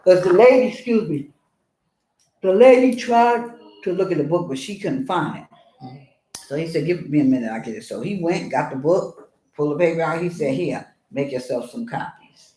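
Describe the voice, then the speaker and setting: A woman author telling a personal story in an animated way, acting out the voices of the people in it. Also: low-pitched, normal speed, roomy sound, poor audio. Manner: expressive, acts out voices in her story. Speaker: author guest.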